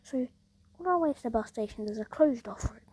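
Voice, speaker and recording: A woman's voice: fairly high pitch, lively intonation, brisk, a little mellow, slight background noise, low-quality recording. A woman casually telling a rambling story, peppered with "like" and "obviously".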